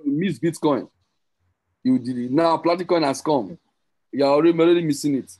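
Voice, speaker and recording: A man giving an excited, rambling sales pitch on an online call, repeating and correcting himself as he goes. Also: a little fast, poor audio. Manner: rambling, repetitive, self-correcting, teasing. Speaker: crypto promoter hosting a group call.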